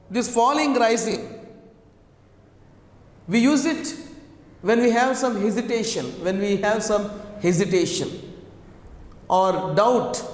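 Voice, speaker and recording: A man teaching a class, slowly repeating key phrases, with fillers when he hesitates. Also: sits high. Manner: slow, repetitive, with hesitant fillers. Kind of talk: classroom lecture. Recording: echoey room with long reverb.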